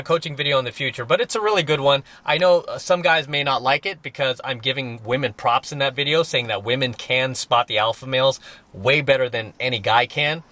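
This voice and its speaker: A middle-aged man acting as a dating coach delivers a blunt, emphatic monologue to viewers, repeating his points for stress and airing his opinions. His mid-range voice is pushed and bright.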